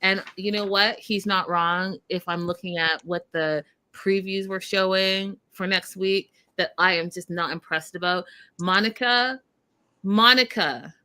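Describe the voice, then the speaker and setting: A woman hosting a casual recap of a reality show, animated and talking straight to her viewers. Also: mid-range voice, measured pace, smooth. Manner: animated, addresses viewers directly. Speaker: show host.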